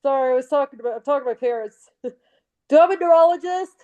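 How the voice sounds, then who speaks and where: Young woman, podcast co-host, giggly and chatty, fairly high voice with a mellow tone. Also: lo-fi sound. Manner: chatty and giggly, tells things in quick fragments. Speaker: podcast co-host living with seizures. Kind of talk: casual chat.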